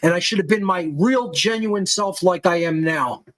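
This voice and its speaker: A man's voice: sits high, moderate pace, fairly bright tone, poor audio. A male podcast host giving an angry, aggressive monologue full of profanity and insults.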